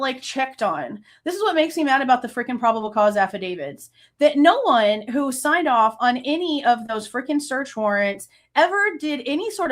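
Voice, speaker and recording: A woman in her late thirties, hosting a true crime channel, ranting with heated, profane exasperation. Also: on the high side. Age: late 30s. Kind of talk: angry reaction rant.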